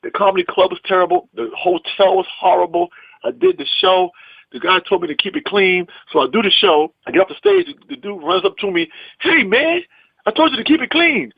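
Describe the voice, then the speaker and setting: A comedian telling a story in a lively, emphatic way, acting out the people in it. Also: male voice, sits high, a little fast, creaky, no room sound, highs cut off. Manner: lively, emphatic, acts out the people in his stories. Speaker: comedian and actor guest. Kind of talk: animated storytelling.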